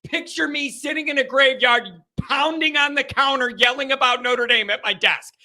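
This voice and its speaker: A man hosting a live call-in sports show, chatting casually and telling stories in animated, rambling bursts. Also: very high-pitched, normal speed. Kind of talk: casual live-stream chat and storytelling.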